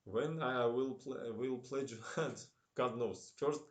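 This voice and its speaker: A man's voice: mid-range voice, takes it slowly. A man with a Russian-tinged accent and broken English, commentating chess on a live stream, chatting with viewers and laughing often. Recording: roomy echo.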